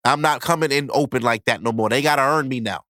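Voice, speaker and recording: A man's voice: mid-range voice, quick pace, pushed and bright, no room sound, clean studio sound, close to an everyday voice. A man voicing a heartbroken young man who swears off trusting women. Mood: bitter. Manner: bitter, guarded.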